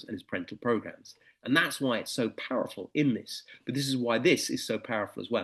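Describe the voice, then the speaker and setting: A middle-aged man giving a motivational presentation, telling anecdotes and stories. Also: medium pitch. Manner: anecdotal, animated storytelling. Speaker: motivational speaker.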